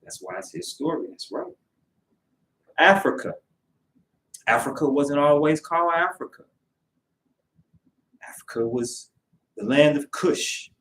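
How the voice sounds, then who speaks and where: A man's voice: on the high side, lively intonation, a little slow, pauses often, a bit bright. Man teaching a lesson in an echoey room. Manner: conversational, with rhetorical questions to listeners. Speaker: teacher leading a Sabbath lesson. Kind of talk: lesson with storytelling. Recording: roomy echo, mic at a distance.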